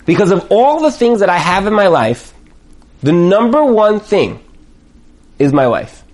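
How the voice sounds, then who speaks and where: Rabbi type, male, high voice, animated class lecture, Yiddish words here and there. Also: unhurried. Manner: lively, acts out quoted voices, emphatic repetition; Hebrew and Yiddish words sprinkled in. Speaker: rabbi teaching a Torah class.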